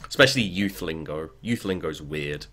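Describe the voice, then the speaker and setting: A man commentating a game as he plays, swearing often and bursting into yells and chanted words. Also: very deep voice, expressive, moderate pace. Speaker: gaming video creator. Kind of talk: let's play commentary.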